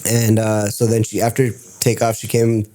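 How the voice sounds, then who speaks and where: A man telling stories as a podcast guest in casual chat, excitable and swearing freely. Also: on the low side, moderate pace. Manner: excitable, profane storyteller.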